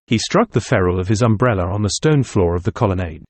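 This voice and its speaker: A man reads a novel aloud in a steady, measured audiobook narration. His voice is low and a little husky. It is recorded close and dry, with no room sound. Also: no echo.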